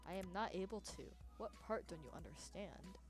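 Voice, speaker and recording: A woman's voice: medium pitch, expressive, normal speed, over music, lightly acted. A woman voicing a haughty, aloof male Grim Reaper in a game read aloud, formal and stiff in how he talks. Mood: matter-of-fact. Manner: formal, stiff, calls others mortal. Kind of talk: reading a visual novel aloud.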